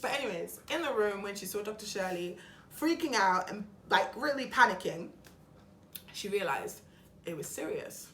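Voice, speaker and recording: A young woman vlogging about her own experience, chatty and a bit dramatic, acting out what people said to her. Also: mid-range voice. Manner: chatty, dramatic, quick retellings with lively quoted voices. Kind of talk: personal storytelling vlog. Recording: roomy echo with faint background hum.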